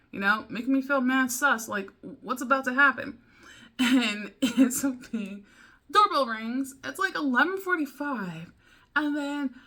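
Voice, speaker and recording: A young American woman tells a rambling story in a casual vlog, her voice high-pitched and fairly bright. She fills it with fillers, interrupts herself and laughs throughout.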